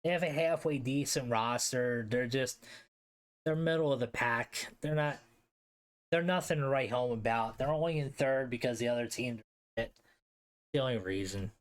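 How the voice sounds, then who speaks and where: A man's voice: medium pitch, normal speed. A man with a Philadelphia accent hosting a live stream, ranking hockey league teams in a loose, slangy way, swearing and answering chat aloud. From Philadelphia area, US. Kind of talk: casual live-stream commentary.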